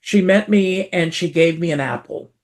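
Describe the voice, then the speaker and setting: An interview guest, a man from South Carolina who performs, tells his story with vivid, dramatic emphasis. His pitch runs on the high side and his pace is moderate.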